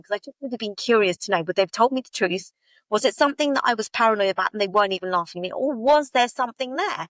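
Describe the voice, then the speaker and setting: Woman guest, halting heartfelt storytelling, repeats herself, dry close mic. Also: animated, a bit bright, no echo, low-quality recording. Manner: halting, repeats phrases, rises in pitch when retelling upsetting moments. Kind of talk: emotional personal storytelling.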